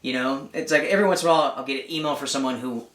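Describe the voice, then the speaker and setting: Relaxed man chatting in a roomy space. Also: mid-range voice, very fast. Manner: relaxed, rambling, lots of "like". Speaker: outdoor channel co-host. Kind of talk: casual chat.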